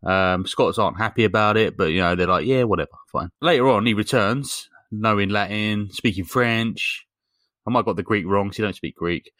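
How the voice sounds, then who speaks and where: A man hosting a podcast, recapping a film in a deadpan, sweary, jokey way. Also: lowish voice, normal speed, dry recording, clean studio sound. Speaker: podcast host. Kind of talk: casual chat recapping a film.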